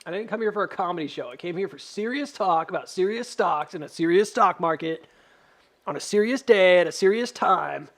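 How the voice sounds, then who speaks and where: A man's voice: on the high side, a little fast, creaky. A man doing a casual charting stream, joking and rambling as he thinks aloud. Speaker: stock chart analyst.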